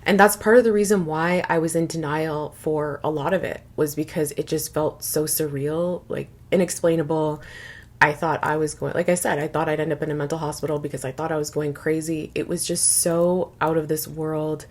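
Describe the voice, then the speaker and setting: A young woman speaking in a lowish voice for her personal vlog. She talks earnestly and rambles a little, with frequent "like" fillers. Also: fairly even intonation, normal speed. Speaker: spiritual vlogger.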